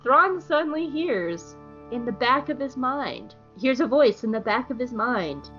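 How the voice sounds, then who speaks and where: A woman host recapping a show with lively, swooping pitch and plenty of swearing and jokes. The audio is a bit dull and lo-fi, with faint music underneath. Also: a little slow. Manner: animated, profane, joking. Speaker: podcast co-host. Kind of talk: episode recap podcast.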